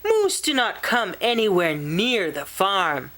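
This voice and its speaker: A woman voicing a startled, grumpy father just woken from sleep in a storybook read-aloud, squeaky and flustered. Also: wildly swooping pitch, slow pace, fairly bright tone, heavily acted. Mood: dismissive.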